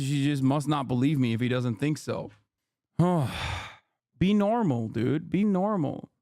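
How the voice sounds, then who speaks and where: A man's voice: fairly high pitch, no echo, studio quality. A man streaming live, ranting at his chat in exasperated, profane commentary as he reacts to a video. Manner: scolding his chat directly.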